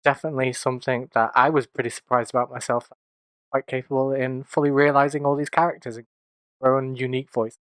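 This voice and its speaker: A man with a slight Mancunian twang chats on a gaming podcast, his voice bright and smooth. The sound is dry and close, and he jokes in a self-mocking, boastful way. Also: mid-range voice, level tone, fast, dry recording. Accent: light Mancunian. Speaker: podcast co-host. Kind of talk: casual podcast chat.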